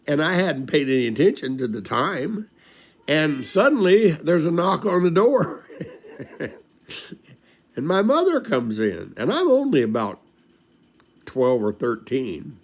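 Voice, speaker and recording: A man's voice: fairly high pitch, big pitch swings, measured pace, long pauses. An older man telling a rambling, folksy story from his childhood into a home recording, chuckling along as he goes.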